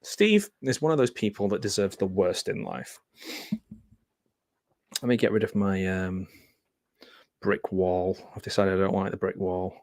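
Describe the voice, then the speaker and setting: Male host, lowish voice, dead-dry close mic, chatty sardonic movie commentary. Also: unhurried, pauses often, a little mellow, no room sound. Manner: chatty, sardonic asides with frequent filler ums. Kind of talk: casual live movie commentary. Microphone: close mic in front of a green screen.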